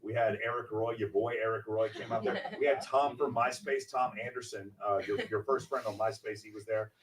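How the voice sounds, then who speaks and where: A man hosting a casual panel show, joking and introducing a row of guests in quick succession. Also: on the low side, steady tone, a crowd in the background. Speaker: host. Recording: distant mic with noticeable background noise.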